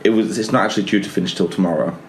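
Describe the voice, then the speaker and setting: A man's voice: sits low, fairly even intonation, racing, a little hiss or hum, poor audio. A man hosting a casual podcast chat, joking and laughing at his own lines. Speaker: podcast host.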